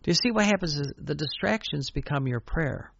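An older priest gives a sermon with a gravelly, rough-edged voice. He tells stories casually and then falls into chanted, repeated prayer lines. The recording is dull and lo-fi, with a dry, close sound. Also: a little high, expressive, brisk, fairly bright tone, no room sound. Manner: anecdotal, conversational preaching.

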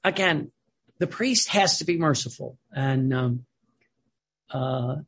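A man's voice: medium pitch, takes it slowly, fairly bright tone, husky. A man in his seventies, a priest, telling stories in a rambling sermon with many restarts and chuckles.

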